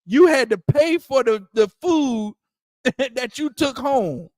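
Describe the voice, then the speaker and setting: A man's voice: very high-pitched, lively intonation, takes it slowly, darkish tone, no echo, clean studio sound. A man leading a religious discussion, preaching in a casual way, often asking "you understand?" and restarting his words. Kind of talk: preaching-style casual talk.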